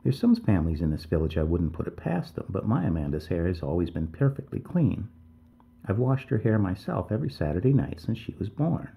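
A man's voice: low voice, big pitch swings, brisk, vocal fry, warm tone, heavily acted. A man voicing a worried, tearful middle-aged village mother who pleads deferentially and keeps calling him sir. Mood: worried pleading. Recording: tinny phone-like audio.

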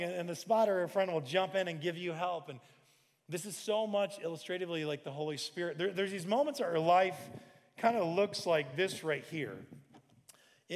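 Animated forty-something pastor in a big hall. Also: male voice, sits high. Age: 40s. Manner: animated, acts out scenes with shouted quotes. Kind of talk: sermon. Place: large church sanctuary. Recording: long hall reverb.

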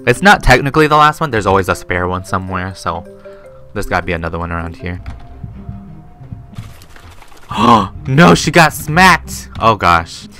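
A young man doing Let's Play commentary on a game, excitable, often jumping to high shrieks and laughter, with game music behind. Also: normal speed, pauses often. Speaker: gaming YouTuber.

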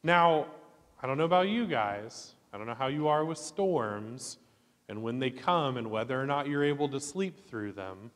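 A man from Oklahoma leading a children's chapel sermon, lively and asking the kids questions. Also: mid-range voice, normal speed. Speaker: guest chapel leader. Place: church chapel. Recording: long hall reverb.

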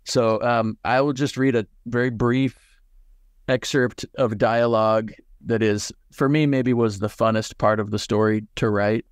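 A man's voice: mid-range voice, fairly even intonation, unhurried, smooth, no room sound, clean studio sound. A man speaking in a thoughtful, reflective way as an author discussing his writing on a video call. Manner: thoughtful, many fillers and restarts. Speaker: author and guest. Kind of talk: reflective conversation and reading.

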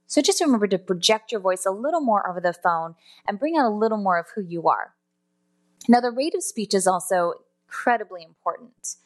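A woman teaching customer service phone skills in a spoken lesson, explaining step by step and now and then correcting herself. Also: mid-range voice. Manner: explanatory, self-correcting, demonstrates tones aloud.

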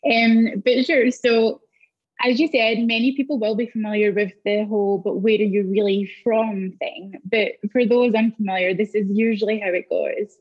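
A woman's voice: on the high side, normal speed, lo-fi sound. A woman with a Scottish accent, a comedian telling a story on a discussion panel and acting out the dialogue. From Scotland. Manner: animated storytelling with acted-out dialogue. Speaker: comedian guest.

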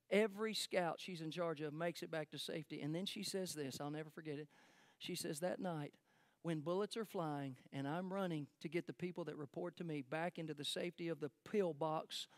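A man preaching a sermon as pastor, telling a story emphatically and then dropping to hushed tones. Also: sits high, no room sound. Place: church sanctuary.

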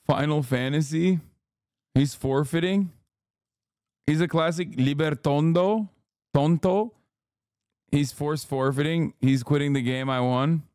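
A man's voice: fairly high pitch, takes it slowly, pauses often, darkish tone, clear, resonant tone, no echo, clean studio sound. A man in his thirties livestreaming his reactions to a clip, casual, joking and sarcastic. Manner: joking, sarcastic, laughs between lines. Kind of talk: casual stream commentary.

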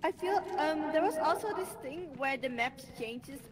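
A woman's voice: sits high, expressive, moderate pace, over a noisy crowd. A woman chatting playfully with friends while gaming, laughing easily. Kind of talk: casual gaming chat. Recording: clear background noise.

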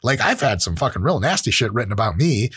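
Man, podcast host, casual joking monologue, husky, dry close mic. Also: on the low side, fast talker, dry recording. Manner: profane, animated, joking.

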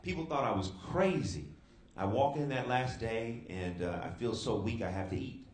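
A man giving his faith testimony to a live youth audience in a big hall, lively, calling out to the crowd and rising sharply in pitch when he gets excited. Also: normal speed, slight background noise.

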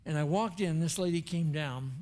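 A man's voice: fairly high pitch, moderate pace, darkish tone. An older man, a former chaplain, preaching a sermon in an earnest, conversational storytelling way with emphatic turns. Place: church sanctuary.

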